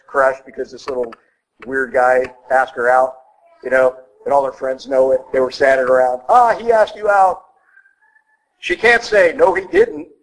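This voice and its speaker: A middle-aged male priest preaching a sermon in a blunt, folksy way, with sudden jumps up in pitch for emphasis. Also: fairly bright tone, rough recording.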